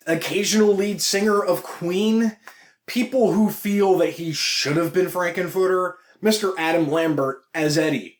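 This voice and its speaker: Brief: man with a fairly high voice, blunt, profane, enthusiastic vlog review, echoey room. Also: moderate pace, a little hiss or hum. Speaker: vlogger reviewing a film. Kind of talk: casual opinionated review.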